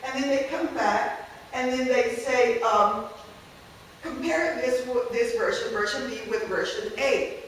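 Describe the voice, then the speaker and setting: A woman's voice: a little high, unhurried, recorded from a distance, slight background noise. Woman lecturing in an echoey room. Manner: conversational, checks in with "okay?". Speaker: language teacher presenting a workshop. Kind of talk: teaching workshop talk.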